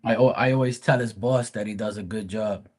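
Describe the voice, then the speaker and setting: A man's voice: on the low side, fairly even intonation, brisk, breathy edge. A man hosting a live stream, telling a casual story in a blunt, profane, rambling way.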